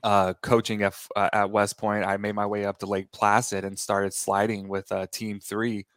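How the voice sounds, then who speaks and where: A man's voice: fairly low pitch, completely flat delivery, normal speed, fairly bright tone, no room sound. A man in his thirties, a guest on a talk show, telling a long story in a rambling way, correcting himself and laughing as he goes. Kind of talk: casual interview storytelling.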